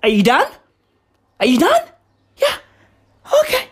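A woman comedian doing a profane stand-up rant with exaggerated outbursts and shouting. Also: sits high, huge pitch swings, unhurried, slightly rough.

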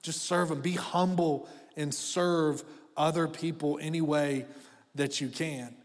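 A man's voice: a little high, steady tone, slow. A man in his thirties preaching a sermon as pastor, conversational and direct, asking the congregation to speak back. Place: church auditorium. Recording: long reverb of a church hall.

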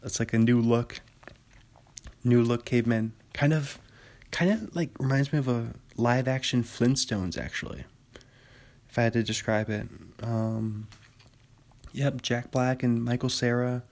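A man's voice: mid-range voice, fairly even intonation, measured pace, a little mellow. A young man from Washington state hosting a podcast in a casual, rambling solo chat, often laughing. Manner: rambling, chatty, laughs easily. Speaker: podcast host.

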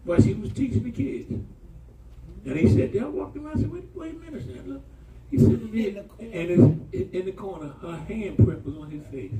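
A male pastor preaching a sermon, telling stories in a colloquial, animated way and calling out to the congregation. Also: sits high, a little fast, a crowd in the background. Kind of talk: sermon storytelling. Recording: echoey room from far off.

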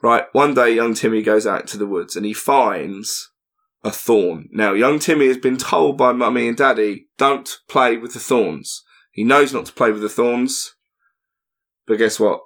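A man's voice: mid-range voice, moderate pace, a bit bright. A man co-hosting a podcast, joking, laughing and swearing freely in casual chat. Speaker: podcast co-host, comedian.

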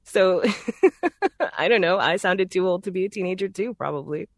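A woman's voice: lowish voice, moderate pace, dry recording. Giggly Texan woman with a dry voice. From Texas. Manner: chatty, giggly, easygoing. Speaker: voice actor guest. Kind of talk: casual conversation.

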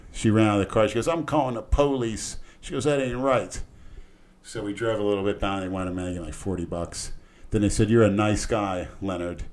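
A middle-aged man from Florida telling long rambling stories on a casual podcast, acting out the voices of cops in his tales. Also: fairly low pitch. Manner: rambling, acts out cops' voices loudly. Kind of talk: casual storytelling chat.

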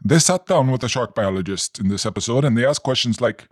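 Husky man in stiff mock-formal address. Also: mid-range voice, lively intonation, quick pace, no echo, clean studio sound. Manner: stiff, formal phrasing without contractions. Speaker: podcast co-host delivering an open letter.

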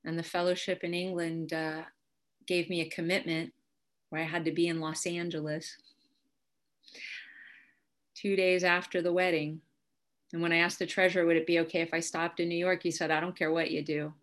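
A woman's voice: lowish voice, little pitch movement, normal speed, pauses often. Candid woman telling a recovery story. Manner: candid, wry storytelling with sudden quiet drops. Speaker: speaker sharing recovery story. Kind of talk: personal testimony talk.

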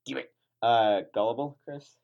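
A man's voice: medium pitch, normal speed, gravelly, lo-fi sound. A tired man co-hosting a podcast in casual chat, rambling and restarting his sentences. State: tired from poor sleep. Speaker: podcast co-host.

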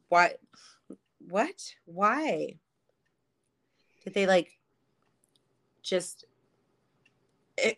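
Woman co-host, bright edge in the voice, blunt, emphatic, cusses. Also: medium pitch. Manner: blunt, emphatic, swears freely. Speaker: podcast co-host. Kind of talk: casual chat.

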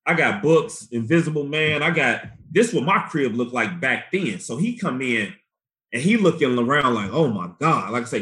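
A man in his forties from Chicago, a guest activist telling his story in an animated, profane, slangy way. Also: medium pitch. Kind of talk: candid storytelling interview.

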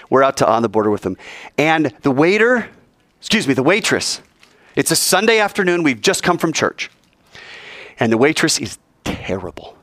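A man with a medium-pitched voice, recorded dry, teaches an informal Bible class in the style of a sermon. He's an animated storyteller who acts out the voices of the people in his stories.

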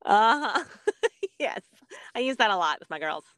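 A bubbly Southern woman chatting easily, her pitch bouncing up and down a lot. She laughs often and tells stories with quoted voices. Her voice comes through dry and close, over a phone call from inside her car. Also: sing-song, measured pace, a bit bright, no room sound. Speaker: podcast co-host, guest. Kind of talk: casual chat.

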